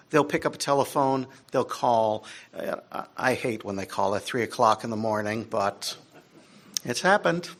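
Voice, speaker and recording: Male lawyer at a members meeting; calm, measured, hesitant delivery. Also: medium pitch. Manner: measured advice, frequent ums and uhs. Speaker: attorney presenting.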